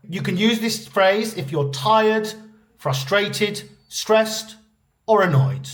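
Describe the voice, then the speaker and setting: A man with a British accent teaching English phrases in a clear, deliberate way, repeating each example. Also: high voice, animated. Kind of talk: scripted lesson to camera.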